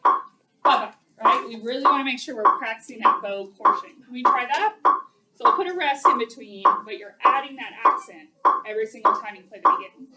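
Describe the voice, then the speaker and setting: A woman teacher coaching a violin section, counting off and giving quick practical instructions. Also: fairly high pitch, a crowd in the background. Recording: echoey rehearsal room. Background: violins playing.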